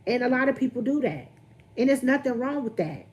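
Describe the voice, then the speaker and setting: A woman's voice: sits high, animated, a little fast, darkish tone, lo-fi sound. A young woman, venting candidly on her livestream and greeting viewers as she talks. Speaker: vlogger on a livestream.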